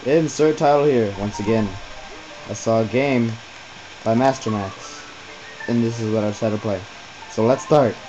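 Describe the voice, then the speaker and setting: A man's voice: fairly low pitch, moderate pace, pauses often, muffled recording, music in the background. A man casually commentating a game, rambling, joking crudely and swearing a lot. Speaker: gaming video host. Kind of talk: casual let's-play commentary.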